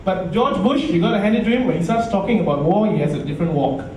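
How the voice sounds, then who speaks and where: A man from Malaysia working a club crowd with stand-up comedy. His voice sits high and delivery is punchy, often dropping into low asides. He is heard from far across a very echoey room, with a noisy crowd hum behind. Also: animated, fast, darkish tone. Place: nightclub stage.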